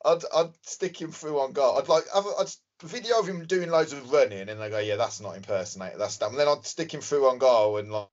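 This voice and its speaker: A man's voice: on the high side, fairly quick, hardly any pauses. A man, co-hosting a casual football podcast, telling stories and joking. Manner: animated storyteller, joking. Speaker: podcast co-host. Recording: dull lo-fi recording.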